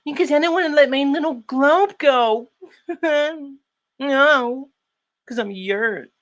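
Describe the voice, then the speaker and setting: A man's voice: slow, fairly bright tone, heavily acted. A man doing a mocking impression of a smug, self-important online rival on a live stream. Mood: whiny. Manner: mocking, sing-song, high-pitched impression.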